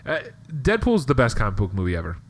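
A man's voice: mid-range voice, huge pitch swings, quick pace. A young man co-hosting a podcast in casual, profane banter, laughing often and swearing freely. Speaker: podcast co-host.

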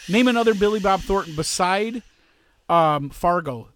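A middle-aged man chatting casually as a podcast co-host, rambling and restarting, quick to laugh. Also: high-pitched, expressive, fairly bright tone, slight background noise. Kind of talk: casual chat.

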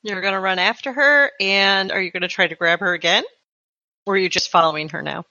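A woman's voice: mid-range voice, brisk, bright, forceful tone, no echo, highs cut off. A woman game master narrating and asking her players about their actions. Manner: checks actions, asks players questions.

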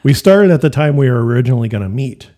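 A man's voice: mid-range voice, expressive, fast talker, warm tone. A man co-hosting a podcast in casual, jokey chat, recorded on a home office mic. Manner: chatty, jokey, laughs often. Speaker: podcast co-host.

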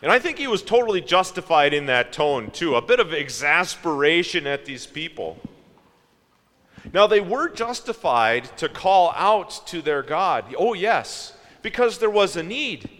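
A man preaching a sermon in a slow, reflective way, asking his listeners questions. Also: on the high side, fairly bright tone, long reverb tail.

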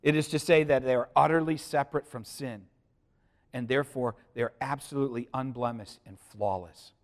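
A man preaches a sermon to his congregation, swinging between loud emphasis and hushed, quiet lines and putting questions to the listeners. His voice is mid-range and a little fast.

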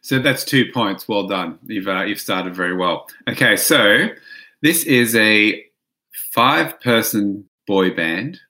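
A man's voice: lowish voice, lively intonation, slow, bright, forceful tone. A man co-hosting a podcast, playful and self-mocking, laughing often as he reads out quiz clues. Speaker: podcast co-host. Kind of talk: casual quiz chat.

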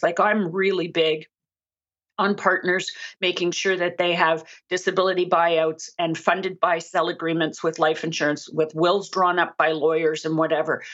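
A woman talks through a personal story in an earnest, chatty way, slipping into the voices of the people she quotes. Her voice sits on the low side, and the recording sounds muffled and dull. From Canada. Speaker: guest, financial coach. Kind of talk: conversational storytelling. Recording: muffled lo-fi audio.

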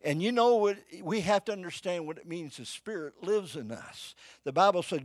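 An older man preaches to his congregation in a folksy, fervent way, his fairly high voice leaping between shouts and near whispers. The pitch swings widely. The sound is close and dry, with little room echo. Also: expressive, moderate pace, hardly any pauses. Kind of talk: sermon. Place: church before a live congregation.

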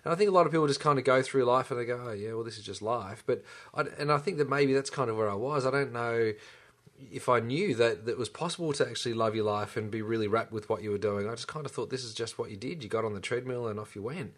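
A man's voice: medium pitch, fast. An enthusiastic middle-aged man, a chiropractor talking casually as podcast co-host, with lots of restarts. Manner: enthusiastic, chatty, many restarts. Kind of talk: casual chat.

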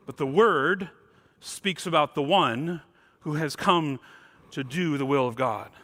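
A man preaching a sermon as pastor, emphatic, swinging between loud stressed words and quiet, low asides. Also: takes it slowly.

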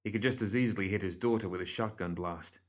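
A man reading a story aloud as audiobook narrator, in a steady, measured way. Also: lowish voice.

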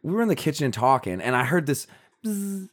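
Animated man telling a story. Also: on the high side, brisk. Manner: animated, acts out buzzing sounds. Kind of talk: casual storytelling chat.

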